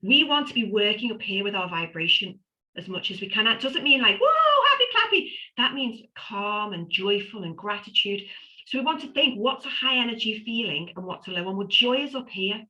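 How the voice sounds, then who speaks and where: A woman's voice: mid-range voice, lively intonation, brisk, sharp tone, lo-fi sound. A middle-aged woman, presenting an online wellbeing workshop with upbeat, emphatic lists and repeated phrases. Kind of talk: live online workshop talk.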